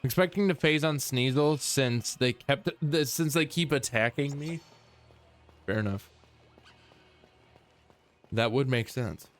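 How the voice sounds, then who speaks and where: Young man, game streamer, casual joking commentary, unhurried, faint music behind. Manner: laid-back, jokey, breaks into high yelps and silly humming.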